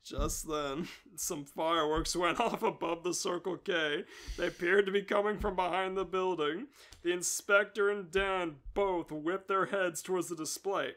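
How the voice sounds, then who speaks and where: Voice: mid-range voice, fairly even intonation, fairly bright tone. A storyteller reading a comedic story aloud, often breaking into laughter. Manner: giggly, reads slowly.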